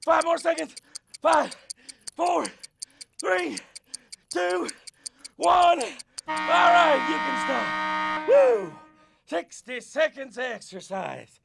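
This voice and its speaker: A peppy cartoon football coach who hollers pushy encouragement at the kids. His voice sits very high and squeaky, with a gravelly rasp running underneath it. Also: big pitch swings, very slow, long pauses, fairly bright tone, full character voice. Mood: pumped. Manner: hollering, pushy pep-talk. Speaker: coach character leading exercise.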